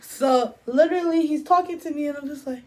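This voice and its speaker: High-voiced and fairly quick, a young woman tells a casual storytime while putting on her makeup. As a beauty vlogger, she's chatty, with frequent fillers like "like" and "literally."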